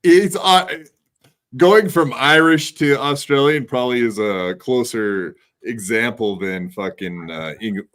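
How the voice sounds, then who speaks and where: A man's voice: medium pitch, slow pace, fairly bright tone. A man co-hosting a podcast, laid-back and hesitant, with many fillers. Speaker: podcast co-host. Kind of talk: casual podcast chat.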